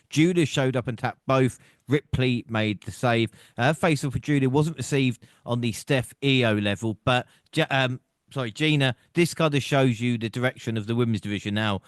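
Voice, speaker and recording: A man hosting a podcast, recapping events in plain, steady run-downs and passing the talk to his co-hosts. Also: mid-range voice, dry recording, clean studio sound. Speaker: podcast host. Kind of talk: casual recap and discussion.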